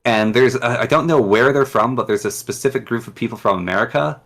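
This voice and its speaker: A man's voice: mid-range voice, a little fast, a bit bright. A man with a Northwestern Canadian accent, a guest chatting casually, rambling with many ums and restarts. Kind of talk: casual interview chat.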